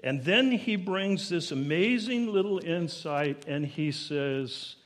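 A man preaching a sermon to his congregation, building to emphatic, higher-pitched peaks and asking them questions directly. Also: animated, slow pace. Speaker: pastor.

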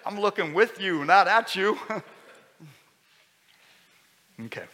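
A man preaching a sermon as pastor, conversational and lively, with sudden loud bursts. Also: high-pitched, slow pace. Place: church hall. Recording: long hall reverb.

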